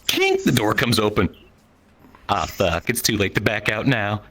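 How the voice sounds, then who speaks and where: A man in his thirties telling a profane, animated stand-up story on a comedy show stage, jumping into different voices for the people he quotes. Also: on the low side, a little slow.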